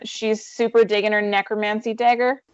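A woman's voice: mid-range voice, flat delivery, moderate pace, smooth, dry recording, dull audio. A woman player talking casually about her character, rambling and correcting herself as she goes. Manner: rambling, self-correcting, chatty.

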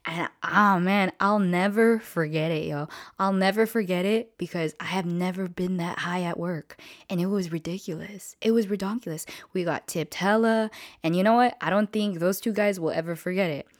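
A woman's voice: fairly low pitch, moderate pace, no room sound, studio quality. Slangy, profane woman telling a story. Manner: slangy and profane, acts out quoted voices. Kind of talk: casual storytelling.

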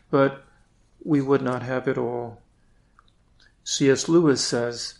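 A man's voice: mid-range voice, steady tone, a little slow, vocal fry, darkish tone. A male priest giving a reflective prayer meditation, at times speaking directly to Jesus.

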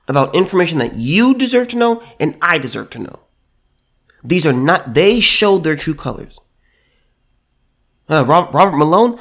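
A man's voice: fairly high pitch, lively intonation, moderate pace, long pauses, a bit bright. A man giving sarcastic, indignant opinion commentary, often repeating and stammering over his words.

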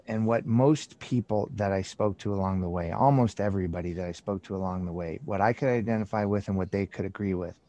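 Animated man telling stories. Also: on the low side. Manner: animated storyteller acting out scenes with many restarts. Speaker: author and guest. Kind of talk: casual interview talk.

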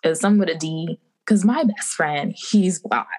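A young woman from the Bahamas, a podcast guest, chatting casually and telling animated stories with acted-out quotes and frequent laughter. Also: lowish voice, moderate pace. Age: young adult. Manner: animated storytelling, acting out quotes, laughing often. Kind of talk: casual interview chat.

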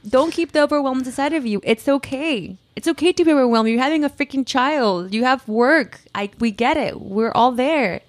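A woman's voice: high-pitched, normal speed, hardly any pauses, no echo. A woman co-hosting a podcast in casual chat, encouraging and blunt, recorded in a studio booth. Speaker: podcast co-host.

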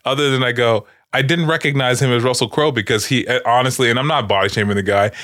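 A man's voice: mid-range voice, fast talker, a bit bright, dry recording, studio quality. A man casually discussing a film with friends on a podcast, rambling and swearing, with lots of fillers. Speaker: podcast co-host.

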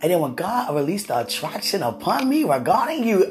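A woman's voice: normal speed, soft background music. Effusive woman murmuring to her husband. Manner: effusive, sighing "oh God" often, laughing, swinging from high excitement to low murmurs. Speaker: wife talking to her husband. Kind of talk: intimate casual talk to a partner.

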